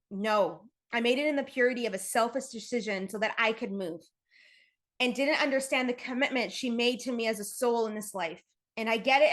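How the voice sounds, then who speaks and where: Woman, podcast host, solo storytelling, raw and emphatic, direct to listeners, swears freely, slightly high voice. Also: fairly bright tone.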